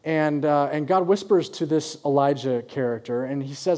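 A male pastor delivers a sermon in a loose, conversational way, slipping into the voices of the people in his stories. His voice sits a little high and sounds mellow. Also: moderate pace. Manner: conversational, acts out quoted voices.

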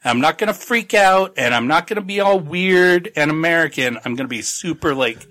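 A man puts on a jittery, excitable character whose voice sits well above his normal pitch. He talks in nervous, forceful bursts. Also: moderate pace. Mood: anxious. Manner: nervous, raised voice. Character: anxious, excitable man trying to stay calm.

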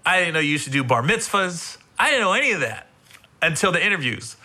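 Animated, very bright-voiced male host. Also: fairly high pitch, fast. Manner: animated storyteller, laughs often. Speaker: podcast host. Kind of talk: casual interview chat.

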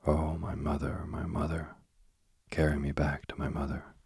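A man's voice: rumbling low, monotone, moderate pace, gravelly, a little mellow, breathy edge, no echo, clean studio sound, full character voice. A man reading the lines of a frightened young girl pleading to go home in a storybook. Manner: pleading, tearful.

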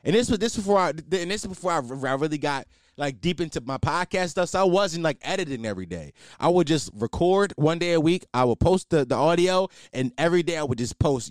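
Animated ranting man, pitch all over the place. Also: fairly quick, no echo, studio quality. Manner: animated, profane, repeats himself. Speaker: podcaster. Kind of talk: comedic rant.

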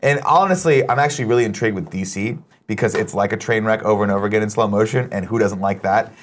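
Fast-talking low-voiced male host. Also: slight background noise. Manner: fast, profane, animated storytelling. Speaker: show host. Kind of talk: casual chat. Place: studio.

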